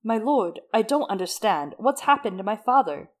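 A woman's voice: medium pitch, lively intonation, normal speed, voice pushed up, lightly acted. A woman voicing an earnest young man who pleads and insists. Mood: anxious.

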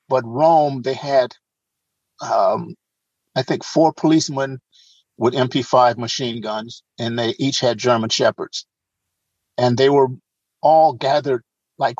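A man with a husky voice tells animated anecdotes as an interview guest, often restarting his sentences. The sound is slightly muffled and dull. The room is dry and close. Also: mid-range voice, takes it slowly, no echo. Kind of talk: casual storytelling.

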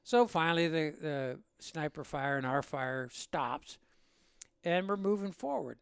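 A man calmly telling a war story from his own service, in a plain, matter-of-fact way. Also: a little high, a little slow, vocal fry, smooth, dry recording, studio quality. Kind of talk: spoken recollection in an interview.

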